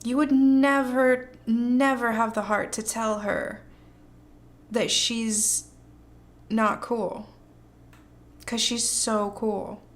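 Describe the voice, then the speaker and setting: A woman's voice: on the high side, fairly even intonation, extremely slow, pauses often. A woman doing a pick-a-card tarot reading, gushing and hyping the viewer up with slangy, effusive talk and frequent laughs. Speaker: tarot reader.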